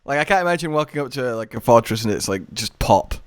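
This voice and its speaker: A man's voice: medium pitch, lively intonation, fast, dry recording. A young man in a casual gaming chat, teasing his friends and spinning long joking scenarios. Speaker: gamer co-host.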